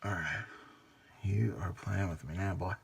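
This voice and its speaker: Hosting a hobby painting video, a man talks unhurriedly in a deep, steady, husky voice with vocal fry. He murmurs casual commentary to himself while working, mumbling and muttering and often drifting into whispers.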